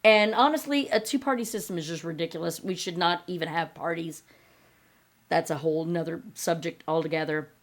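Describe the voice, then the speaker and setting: A woman's voice: on the low side, a little fast. A woman, hosting a podcast and ranting bluntly and sarcastically, with heavy swearing. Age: 50s. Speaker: podcast host. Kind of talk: angry opinion rant.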